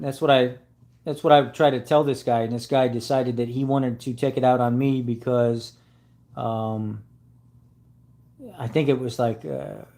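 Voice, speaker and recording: A man's voice: mid-range voice, warm tone. A man hosting a casual car-channel live stream, rambling with fillers and restarts.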